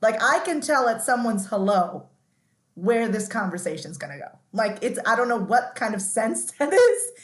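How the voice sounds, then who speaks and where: A woman with a fairly high voice talks as a podcast guest, candid and chatty, circling back with lots of "like"s. Her voice rings in a noticeably echoey room. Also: very animated, normal speed. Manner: chatty, restarts often, says "like" a lot. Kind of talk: candid interview storytelling.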